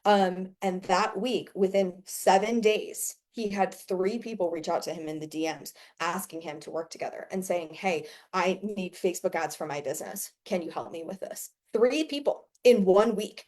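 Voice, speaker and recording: A woman business coach in her thirties telling a story in casual talk, animated, swearing freely and laughing often. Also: fairly low pitch, moderate pace, hardly any pauses.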